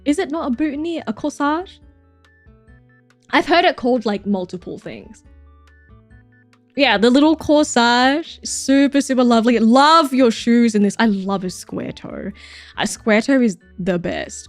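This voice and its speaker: Reacting to viewers' photos on a casual livestream, this streamer in her thirties speaks unhurriedly in a slightly high voice. She gushes, curses freely, laughs a lot and fires off mock-jealous jabs. Her voice is close and dry with no room sound, over soft music.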